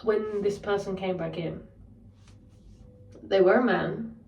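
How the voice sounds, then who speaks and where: A woman's voice: mid-range voice, fairly even intonation, slow, gravelly, darkish tone, muffled recording, a little hiss or hum. Young woman, casual storytelling, sweary rant, candid, roomy echo, slightly distant mic. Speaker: vlogger.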